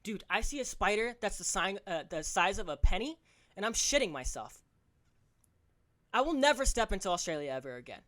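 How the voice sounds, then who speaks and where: A young man hosting a solo podcast, ranting fast and profanely, tripping over his words with stammers and restarts. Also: sits high, big pitch swings, pushed and bright. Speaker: podcast host.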